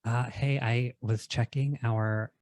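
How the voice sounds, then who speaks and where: Forties male host, easygoing casual chat, quick laugh, dry close mic. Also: mid-range voice, dry recording. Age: 40s. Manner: relaxed, laughs easily. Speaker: podcast host.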